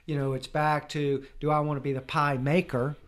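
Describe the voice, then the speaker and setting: A man's voice: fairly high pitch, little pitch movement, normal speed. A man, a wealth advisor, chatting as a podcast guest and telling stories from his own past. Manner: storytelling, acts out quotes. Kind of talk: casual podcast interview.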